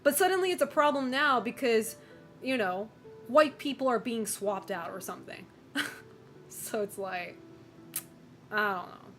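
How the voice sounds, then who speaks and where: A woman's voice: on the high side, expressive, a little slow, long pauses, a bit bright, soft background music. A woman streamer chatting casually with viewers, opinionated, swearing and laughing often.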